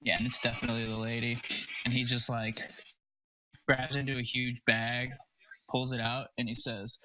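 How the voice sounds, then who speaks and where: Unsure man talking through his move, bright, dry mic. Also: mid-range voice, little pitch movement, moderate pace, long pauses, dry recording, low-quality recording. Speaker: player. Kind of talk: casual tabletop play.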